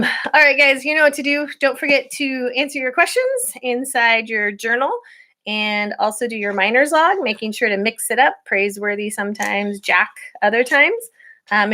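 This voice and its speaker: A woman's voice: mid-range voice, pushed and bright. A woman teacher reading a novel aloud to her students at home, telling the story expressively and then chatting through class reminders with fillers.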